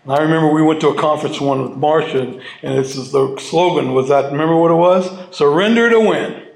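A man with a somewhat high, gravelly voice gives a personal testimony to a gathered audience. He talks in a halting, heartfelt way, repeating and restarting his phrases. The sound is roomy, with the echo of a meeting hall. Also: fairly even intonation, a little mellow. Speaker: speaker sharing his story at a recovery meeting.

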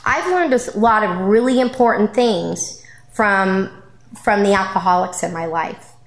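This is a middle-aged woman's candid recovery share at a support group, delivered conversationally at a measured pace with lots of ums and repetition. Her mid-range voice echoes in the reverberant meeting room.

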